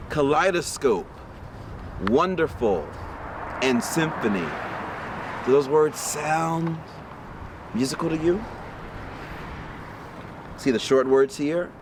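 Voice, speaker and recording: A man reading a children's picture book aloud outdoors in a park, pausing to ask his young listeners questions. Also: mid-range voice, noisy background. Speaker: storybook reader for children. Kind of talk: read-aloud storytelling. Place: outdoors in a park on a windy day.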